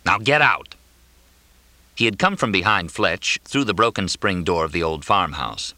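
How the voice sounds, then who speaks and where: A male narrator reads a novel aloud in a low, deep voice with a lively, expressive lilt. His tone is bright and crisp, and the recording is dry and close, with no room sound. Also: normal speed, dry recording. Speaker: audiobook narrator. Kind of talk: scripted narration.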